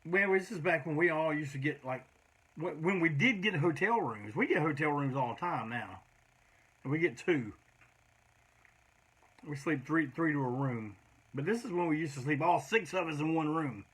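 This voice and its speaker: Husky-voiced man spinning rambling road stories. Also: fairly high pitch, animated, normal speed, a bit bright. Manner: rambling, profane, peppered with "man". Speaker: punk band singer telling road stories. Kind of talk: casual storytelling monologue.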